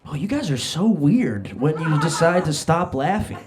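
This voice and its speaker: A man's voice: fairly high pitch, big pitch swings. Man, stand-up comedian, young adult, brash, self-deprecating, comedy club stage, handheld mic. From New Jersey. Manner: brash, self-deprecating, quick asides to the crowd. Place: comedy club stage before a live audience.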